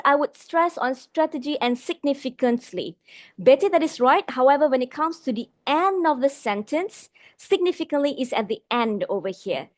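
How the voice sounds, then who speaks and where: A woman's voice: high voice, dry recording, clean studio sound. A woman trainer with a Malaysian English accent teaching an online class on vocal delivery, calling her audience "my dear friends" and reading out their replies. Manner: varies loudness and slows down for emphasis. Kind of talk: live webinar lesson on vocal delivery.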